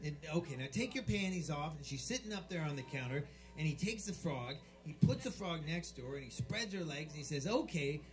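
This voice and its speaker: A man's voice: on the high side, lively intonation, fairly quick, hardly any pauses, soft background music. A man telling crude jokes on stage at a bar, rambling, restarting and bickering with the crowd. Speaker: stand-up comic at a bar show. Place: bar with live band setup.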